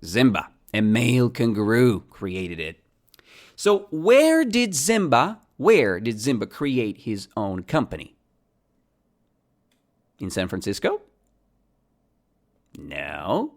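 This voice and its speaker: Podcast English lesson, question-and-answer teaching, very slow delivery, animated melody. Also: medium pitch. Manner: asks and answers its own questions, repeating key words.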